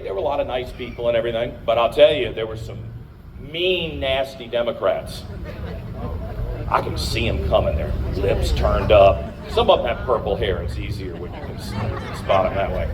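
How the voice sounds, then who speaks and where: A man's voice: medium pitch, distant mic, noisy background. Middle-aged man giving a rousing rally speech. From Virginia. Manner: emphatic, rousing, addresses the crowd. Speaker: political candidate and radio host. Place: outdoor rally by a courthouse.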